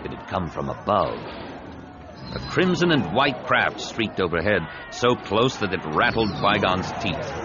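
A man narrating a science fiction novel in an expressive, dramatic reading. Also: sits low, a little slow, a crowd in the background, background noise. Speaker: audiobook narrator. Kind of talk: scripted narration. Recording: slightly dull, dry studio recording.

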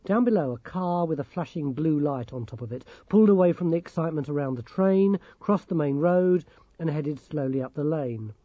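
A man reading a storybook aloud in a calm, even manner. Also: a little high, normal speed, no echo, phone-quality sound. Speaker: audiobook narrator. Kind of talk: scripted storybook narration.

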